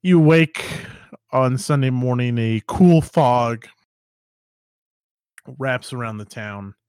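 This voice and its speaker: A man's voice: medium pitch, takes it slowly, darkish tone, clear, resonant tone, no echo, studio quality. A man running a tabletop game as game master, describing scenes in a loose, hesitant way with many fillers.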